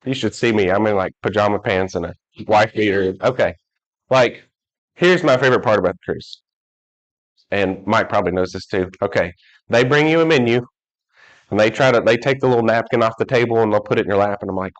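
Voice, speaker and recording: A man's voice: on the low side, brisk, rough recording. Male preacher, casual joking sermon style, acts out quotes. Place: church hall.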